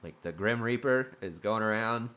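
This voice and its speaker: A man co-hosting a podcast in casual chat, telling stories with lots of swearing and sudden bursts of excitement. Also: fairly low pitch, moderate pace. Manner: excitable, profane storyteller. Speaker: podcast co-host.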